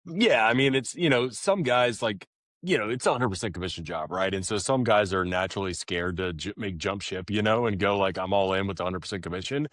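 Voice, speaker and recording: A man talking plainly and quickly in a casual podcast conversation, often restarting his sentences. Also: on the low side, a bit bright, no room sound, studio quality. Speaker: podcast guest, roofing company leader.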